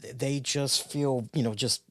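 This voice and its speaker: A man's voice: medium pitch, steady tone, measured pace, fairly bright tone, no room sound, studio quality. A man co-hosting a casual talk show, rambling through stories with lots of restarts and "you know"s. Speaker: co-host. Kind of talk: casual podcast chat.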